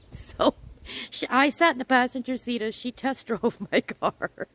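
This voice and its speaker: A woman's voice: a little high, normal speed, fairly bright tone. A middle-aged woman, hosting her crochet channel and chatting casually as she tells a story, acting out both sides of each conversation.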